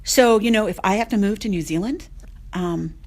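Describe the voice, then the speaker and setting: A woman spinning a casual, rambling story in a mid-pitched voice. She talks loosely, with plenty of fillers and asides. Nothing about her delivery is formal or scripted. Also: moderate pace, background noise. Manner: chatty, rambling, full of fillers. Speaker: podcast segment contributor.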